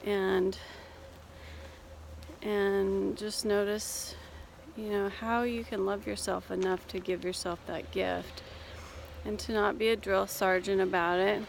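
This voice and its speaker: A woman speaks slowly and gently to her phone camera while walking outside, slightly breathless from the climb. Her voice has a gravelly, fried texture, and faint outdoor noise sits under it. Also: medium pitch, little pitch movement. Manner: gentle, reassuring, unhurried. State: a little out of breath. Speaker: life coach and therapist. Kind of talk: casual vlog while walking. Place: outdoors on a cold hill walk.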